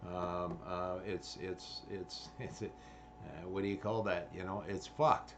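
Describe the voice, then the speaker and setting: A man's voice: deep voice, fairly even intonation, takes it slowly, a bit bright, a little hiss or hum. A man, ranting in a rambling commentary full of swearing and fillers. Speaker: vlogger.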